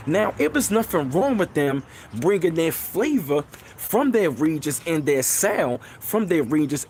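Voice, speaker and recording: Rambling, animated New man. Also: slight background noise. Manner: animated, gets louder and higher when excited; loose, rambling, repeats phrases like "you know what I'm saying". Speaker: channel host. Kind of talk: casual talk to a live stream.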